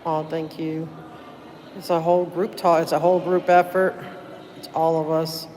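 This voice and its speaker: Tired streamer, easygoing live chat, rambling and thankful, middling pitch, a faint hiss of noise behind. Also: flat delivery, normal speed, darkish tone, big-room sound. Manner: chatty, rambling, full of fillers and thanks. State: tired, running on little sleep. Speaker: livestreamer at a public meeting. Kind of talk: casual live chat with viewers. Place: city hall building, indoors.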